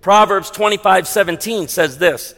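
A man preaching a sermon as pastor, emphatic, slowing down hard on key lines, with wry asides. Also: sits high, fairly bright tone. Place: large church sanctuary with long reverb. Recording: long hall reverb in a sanctuary.

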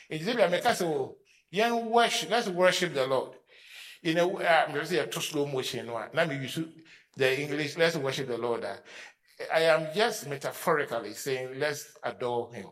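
A man's voice: medium pitch, a bit bright. A Ghanaian man, a pastor, giving an emphatic teaching talk and switching between Twi and English.

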